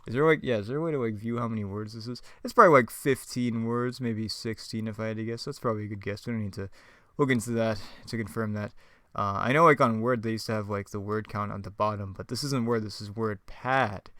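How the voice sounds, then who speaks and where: A man's voice: on the low side, fast talker, a bit bright, no echo. A man in a casual vlog reading his old scripts aloud, rambling and mocking himself. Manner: rambling, self-mocking, chuckles often. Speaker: YouTuber.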